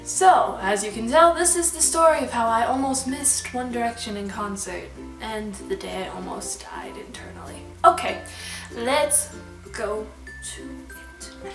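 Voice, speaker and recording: A woman's voice: on the high side, measured pace. Bubbly young woman telling a story. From Alberta, Canada. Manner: bubbly, excitable, rambling with fillers. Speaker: vlogger. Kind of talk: storytime vlog. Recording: echoey room, slightly distant mic, soft background music. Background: soft background music.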